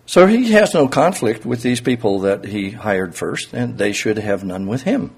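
A man's voice: on the low side, animated, normal speed, creaky, breathy edge. A man preaching a conversational sermon, explaining scripture and asking his listeners rhetorical questions.

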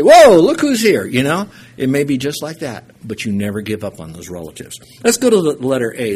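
Husky man preacher, a touch high, lively storytelling sermon with sudden emphatic lifts. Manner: storytelling, animated bursts of emphasis.

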